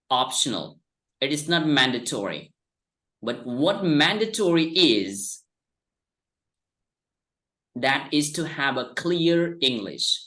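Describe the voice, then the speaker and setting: A man's voice: on the high side, fairly bright tone. A man teaching an online English class over a video call, answering questions patiently and repeating "all right" a lot. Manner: slow, patient explaining with frequent "all right".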